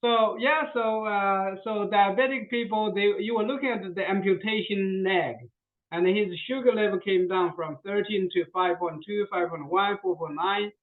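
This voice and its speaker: A high-voiced man presents a product over a video call, eager and tripping over his words. He often repeats himself as he goes. His line sounds narrow and tinny, like a phone. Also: moderate pace. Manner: repetitive, stumbling, eager. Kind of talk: casual sales chat.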